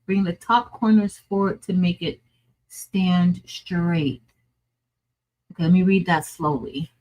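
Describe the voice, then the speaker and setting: Slow-talking woman chatting while crafting. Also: on the low side, fairly even intonation, darkish tone, low-quality recording. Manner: chatty, muttering to herself while working, laughs often. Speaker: crafting livestream host. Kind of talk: casual think-aloud crafting stream.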